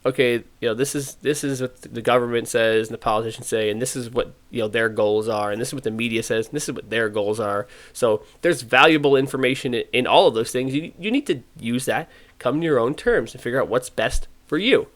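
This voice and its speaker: A man hosting a podcast, talking in an animated, ranting way and acting out the voices he quotes. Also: mid-range voice, fairly quick. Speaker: podcast host. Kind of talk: casual podcast opinion talk.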